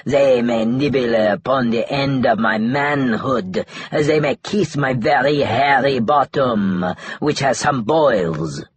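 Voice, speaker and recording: A man's voice: mid-range voice, slow pace, few pauses, breathy edge, dry recording. A man voicing a hot-tempered male Quebecois maple farmer with a thick Quebecois accent, ranting crudely. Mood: defiant. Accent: Quebecois French.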